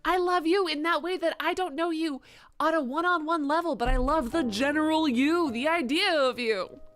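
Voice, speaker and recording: Chatty high-voiced woman streamer. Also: moderate pace, fairly bright tone. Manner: chatty, rambling, fillers and self-mocking asides. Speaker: live streamer. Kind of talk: casual stream sign-off chat. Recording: music playing behind.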